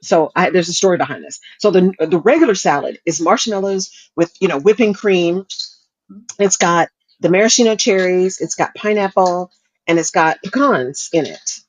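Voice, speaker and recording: A woman's voice: lowish voice, moderate pace, dry recording, poor audio. A woman co-hosting a talk show, chatting casually and laughing often as she talks. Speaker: podcast co-host. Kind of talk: casual chat.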